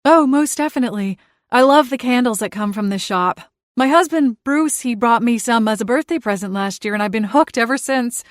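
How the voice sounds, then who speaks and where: A woman's voice: fairly high pitch, brisk, dry recording, clean studio sound, voice pushed up, lightly acted. A woman voicing an eager, polite middle-aged woman applying for a shop job.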